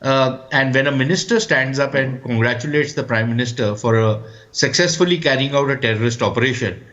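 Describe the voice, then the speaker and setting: A man's voice: mid-range voice, a little fast, fairly bright tone, dull audio. A man, arguing bluntly as a panelist in a heated TV debate. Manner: blunt and combative.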